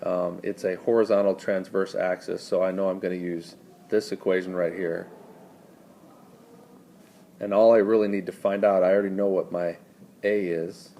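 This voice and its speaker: Low gravelly guy tutoring math on a screencast, quizzing students as he works. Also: level tone, moderate pace, pauses often, mellow, slight background noise. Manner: talks students through steps, quizzing them.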